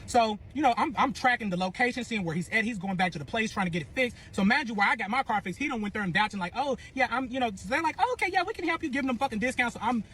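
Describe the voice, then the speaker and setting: A man tells a furious, profanity-laced story, his voice pitched very high and breathy. He talks fast and stumbles over repeated words as the anger pours out. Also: pushed and bright. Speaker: storyteller in a clip.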